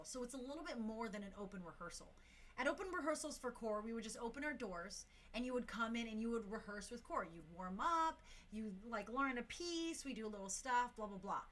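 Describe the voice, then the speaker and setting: An enthusiastic young woman hosts a casual talk show and rattles through announcements. Her voice is bright and a little high, and her talk is loose and full of slang and fillers. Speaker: talk show host for a dance crew.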